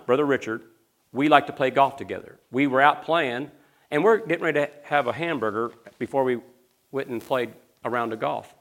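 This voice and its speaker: A man preaching a sermon, swinging between loud, rising questions to the crowd and low, hushed storytelling.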